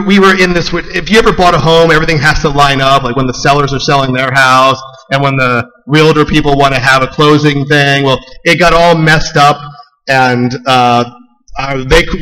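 A young man preaches from the front of a large church hall, his voice bright and forceful. He swings from hushed, low lines to loud, high bursts. A long reverb trails each phrase. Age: young adult. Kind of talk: sermon.

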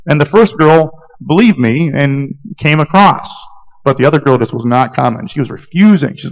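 Speaking fast in a creaky, mid-range voice, this Georgia pastor delivers his sermon through earnest stories, often using fillers and starting over. The audio is poor.

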